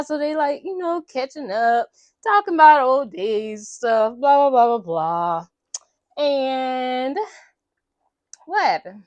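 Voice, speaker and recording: A woman's voice: high voice, expressive, takes it slowly, pauses often, a little mellow, no echo, dull audio. A woman vlogger chatting through a casual movie recap in a slangy, rambling way. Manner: chatty, slangy, full of blah blah.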